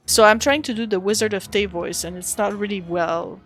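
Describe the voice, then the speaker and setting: Over soft background music, a woman with a mid-range, fairly bright voice chats at normal speed while live-streaming an RPG. She keeps things casual and thanks the people watching.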